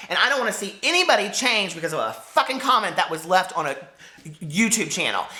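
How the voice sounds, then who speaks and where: A man in his forties with a high, squeaky voice, speaking in an impassioned, hurt vlog rant and swearing as he talks to the camera. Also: pushed and bright, reverberant. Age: 40s. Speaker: book vlogger.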